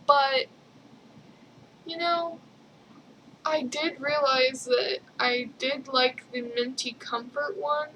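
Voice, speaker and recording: A young woman rambling casually in a video journal, giggling often and filling pauses with ums. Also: high-pitched, vocal fry, a bit bright, a little hiss or hum, low-quality recording. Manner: rambling, giggly, lots of fillers. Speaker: vlogger.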